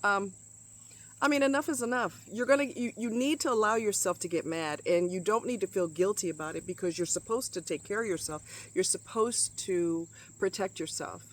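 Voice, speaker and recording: A woman's voice: medium pitch, moderate pace. Blunt, profane woman ranting outdoors. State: sweating in the heat. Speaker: vlogger. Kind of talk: outdoor vlog rant. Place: outdoors in hot muggy nature.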